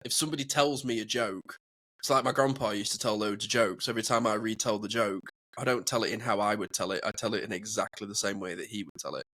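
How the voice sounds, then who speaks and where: A man's voice: on the low side, quick pace, a bit bright. A man co-hosting a podcast in casual chat, talking in a chatty way and playfully mimicking other voices. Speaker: podcast co-host.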